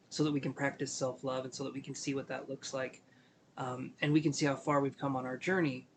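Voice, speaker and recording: A man giving a live tarot reading, talking gently and meanderingly with many fillers, sleepy and yawning. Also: medium pitch, slight background noise. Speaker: tarot reader.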